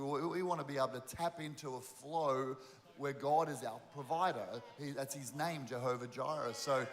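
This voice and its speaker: Earnest Australian pastor in reverberant hall. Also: male voice, medium pitch. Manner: earnest, conversational, halting restarts. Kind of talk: interview about giving. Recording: long reverb of a large hall.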